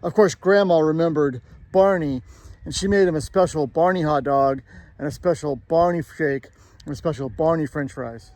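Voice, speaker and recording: A man telling a child an improvised bedtime story in a playful, animated way. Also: a little high, normal speed, dry recording. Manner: playful and animated, with spooky hushed moments.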